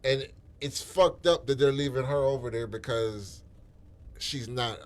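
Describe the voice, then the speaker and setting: A man's voice: mid-range voice, steady tone, a little slow. A man hosting a casual podcast chat, talking bluntly and profanely and telling stories with animation. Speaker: podcast host.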